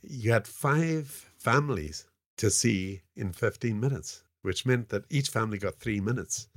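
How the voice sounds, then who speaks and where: A man's voice: on the low side, expressive, a little slow, no room sound, studio quality. An older man with a South African accent, telling stories as a podcast guest in a rambling way. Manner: rambling, frequent "you know" fillers. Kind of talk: casual anecdotal storytelling.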